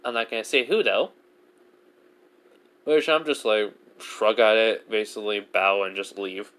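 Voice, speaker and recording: A man's voice: fairly low pitch, fairly even intonation, measured pace, fairly bright tone. A man narrating a self-insert fan story off the cuff, rambling and full of filler words.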